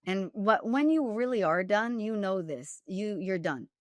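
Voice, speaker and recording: This woman's mid-range voice is animated yet measured in pace, captured at studio quality with no room sound. As a guest in a candid storytelling interview, the dating coach and author is direct, emphatic, and wryly humorous.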